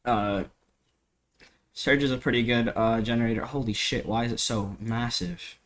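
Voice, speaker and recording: In a home studio, a young man speaks into a low-cost desk mic for a casual screen-recorded production tutorial. His voice is bright and slightly sharp, medium in pitch, at a moderate pace. He rambles freely, leaning heavily on slang, filler words and profanity.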